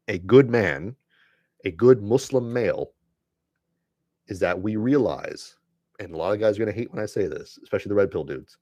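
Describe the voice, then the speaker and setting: A man hosting a live stream delivers an earnest, preachy monologue in a lowish, slightly mellow voice. The recording is dry with the highs cut off. He addresses listeners bluntly and directly, repeating phrases for emphasis in his impassioned talk to viewers.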